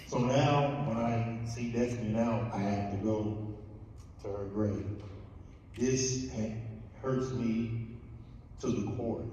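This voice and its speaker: A middle-aged man speaking haltingly and plainly to students at a school assembly. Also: fairly low pitch, fairly even intonation, warm tone, slight background noise. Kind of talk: spoken talk to students. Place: large school hall. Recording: echoey hall recorded from far off.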